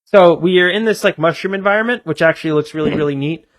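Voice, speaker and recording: A young man co-hosting a casual podcast, talking in a chatty, quick back-and-forth. His voice sits a little high for a man. The recording is dry and close, with no room sound. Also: a bit bright, no echo. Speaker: podcast co-host. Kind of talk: casual chat.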